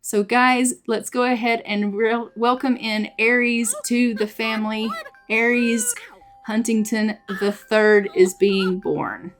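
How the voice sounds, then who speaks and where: Narrating a life-sim game for a let's play, a woman stays chatty and upbeat, leaning on repeated filler phrases. She speaks slowly in a steady voice on the high side, with faint music behind her.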